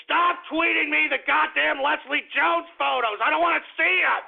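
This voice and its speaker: Man, radio host, profane rant, high pitch, narrow lo-fi broadcast audio. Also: moderate pace, gravelly. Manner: ranting, crude and profane.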